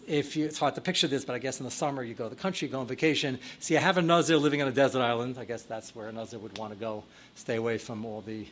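Speaking at medium pitch, this man is a rabbi leading a Torah class; he sprinkles Hebrew and Yiddish words through his teaching and turns loud and lively as he acts out examples.

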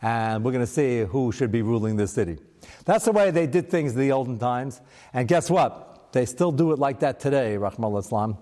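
A man's voice: medium pitch, moderate pace, dark tone. Man teaching a text in a reverberant hall. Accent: American. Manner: chants Hebrew verses then explains in casual asides. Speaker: Torah teacher. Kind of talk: text study lesson.

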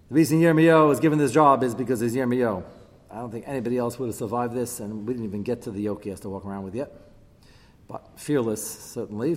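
A man leads a text-study class as a Bible teacher, his voice sitting in a middle register. He is animated and leaps upward whenever he quotes or chants a verse. The sound carries a long reverb from a large hall. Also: mid-range voice, brisk. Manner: animated, voice leaping up when quoting and chanting verses.

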